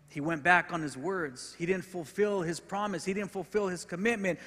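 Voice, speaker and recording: A man's voice: high-pitched, normal speed. Earnest preacher man in a reverberant hall. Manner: earnest preaching, rising in intensity and dropping to soft, repeated words. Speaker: pastor. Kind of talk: sermon. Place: church sanctuary.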